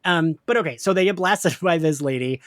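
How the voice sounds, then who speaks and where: A podcast co-host with a Philadelphia-area accent, talking in loose, animated chat. He laughs often and drops the odd curse. His voice sounds dry and close to the mic. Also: fairly high pitch, a little fast, no echo. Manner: chatty, laughs often, swears casually. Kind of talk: casual chat.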